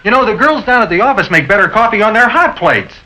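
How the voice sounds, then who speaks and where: Vintage ad husband, curt and demanding, bright animated read. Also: male voice, high-pitched, quick pace, a little hiss or hum, heavily acted, low-quality recording. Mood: grumbling. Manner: blunt, complaining. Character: grumpy 1960s husband, blunt and demanding.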